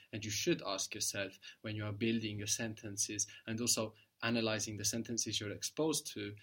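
Man giving a lesson, lowish voice, patient and prompting. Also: fairly bright tone. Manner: patient, prompting questions and brief praise. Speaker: language teacher. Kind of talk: guided language lesson.

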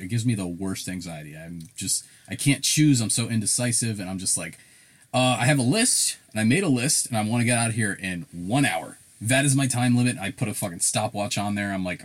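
Low-voiced man in casual swearing chat. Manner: swearing, animated storyteller doing quick voices of others.

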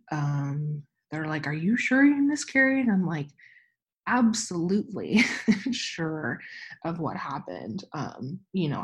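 Young woman guest, husky voice, loose candid storytelling with lots of fillers. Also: low-pitched, a little mellow. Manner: candid, rambling, with frequent fillers. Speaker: podcast guest. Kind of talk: personal storytelling.

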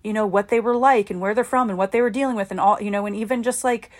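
A woman's voice: mid-range voice, fairly even intonation, quick pace. A young adult woman hosting a podcast, talking in a casual, opinionated monologue, chatty and emphatic with lots of "like". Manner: chatty, heavy use of "like", emphatic. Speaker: podcast host.

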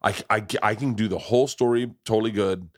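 A man's voice: fairly low pitch, fast. A middle-aged man hosting a podcast, telling stories in a boisterous, profane, casual way. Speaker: podcast host.

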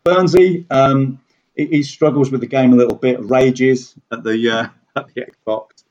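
A man's voice: medium pitch, fairly even intonation, a little slow, a little mellow. A man chatting casually and self-deprecatingly about his league standings, rambling with many fillers. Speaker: league player reviewing standings. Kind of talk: casual podcast chat. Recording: dull lo-fi audio.

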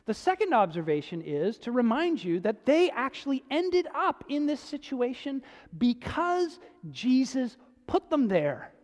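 A pastor preaching a sermon in a conversational way, swinging between emphatic stretches and hushed, low passages. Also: big pitch swings, measured pace. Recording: long hall reverb.

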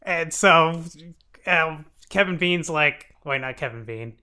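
A young man with a bright, forceful voice, chatting loosely on a comedy podcast. He pitches a touch high and keeps breaking into giggles as he rambles through a recap. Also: animated, smooth. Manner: rambling, giggly, slips into quick voices for characters. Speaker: podcast co-host recapping a show. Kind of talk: casual comedic podcast chat.

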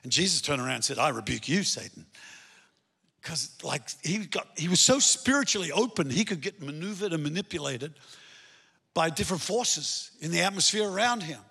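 Male pastor preaching, high voice with lots of gravel and a husky edge, big echoey church hall. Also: a little fast. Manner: animated, swinging from emphatic to hushed storytelling. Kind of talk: sermon. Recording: long hall reverb.

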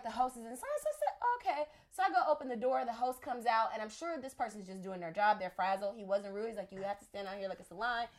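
Animated woman telling a story. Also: on the high side. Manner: animated, acts out voices in her story. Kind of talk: casual storytelling chat.

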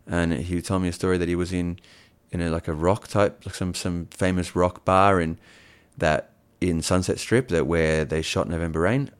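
Male podcast co-host, very low voice, loose rambling storyteller. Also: steady tone, moderate pace, clear, resonant tone. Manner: rambling, laughs often, restarts. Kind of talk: casual chat.

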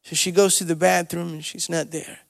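Male pastor, sermon, high voice, storytelling then rising exhortation, church sanctuary, long reverb. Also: flat delivery, moderate pace, creaky. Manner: storytelling with shifts between soft asides and loud rising exhortation.

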